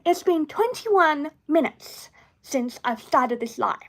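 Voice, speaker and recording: A woman's voice: high voice, lively intonation, takes it slowly. A woman chatting on a live stream from a room at home, rambling, full of restarts and playful tangents. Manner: playful, drifts between topics. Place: indoor room at home with plush toys. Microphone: phone.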